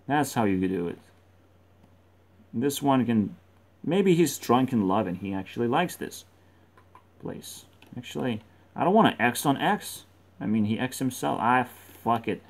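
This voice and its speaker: A man's voice: medium pitch, expressive, moderate pace. A man rambling through gameplay commentary, swearing constantly and joking as he goes. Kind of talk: rambling let's-play commentary.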